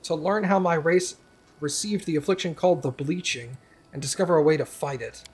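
A man's voice: on the high side, fairly quick, darkish tone, husky. A man voicing a pompous gnome scholar who has been turned into a frog, speaking formally.

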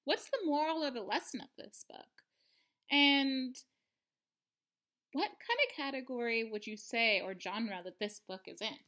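A woman teacher reading a picture book aloud to young students, lively and expressive, asking them questions as she goes. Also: fairly high pitch, a little slow.

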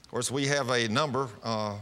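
A man's voice: medium pitch, steady tone, moderate pace, pushed and bright. A man preaching on a televised program, telling personal stories in a folksy, rambling way with frequent restarts. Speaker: pastor. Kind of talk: televised sermon with testimony. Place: television studio.

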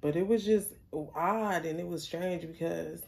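Blunt woman with a gravelly, mellow voice. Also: fairly low pitch, measured pace. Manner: animated, blunt, swears freely, laughs often. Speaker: storyteller vlogger. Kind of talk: casual storytime monologue.

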